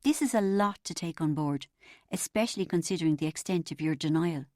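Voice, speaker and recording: A woman reading the part of a calm rehab counsellor who is mild in manner but probing and matter-of-fact. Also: deep voice, a little fast, dry recording, clean studio sound, lightly acted. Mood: firm.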